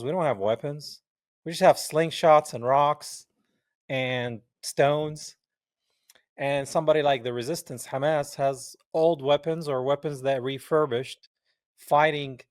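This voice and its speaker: Speaking with fervent emphasis and frequent rhetorical asides, a Palestinian podcast host chats casually with his interview guest. The studio-quality recording is dry, and his voice is mid-range.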